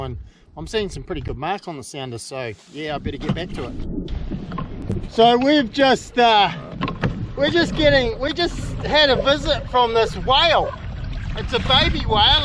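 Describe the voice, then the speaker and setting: A middle-aged man with a New Zealand accent, narrating an excited outdoor vlog from a kayak at sea and often calling out loudly. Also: high voice. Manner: excitable, exclaiming, calls out loudly. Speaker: kayak fishing host. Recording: wind and water noise.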